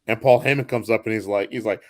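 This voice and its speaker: A man's voice: fairly low pitch, fairly even intonation, fast talker. A man co-hosting a casual wrestling chat, chiming in and laughing. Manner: laughs, chimes in. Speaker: podcast co-host.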